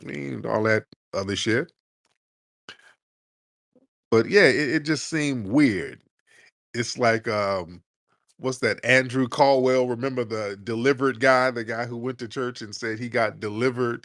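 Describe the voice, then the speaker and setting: A man's voice: mid-range voice, a little slow, a bit bright, no room sound, clean studio sound. A man hosting a comedic commentary show, talking in a blunt, casual, mocking way and laughing often. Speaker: host.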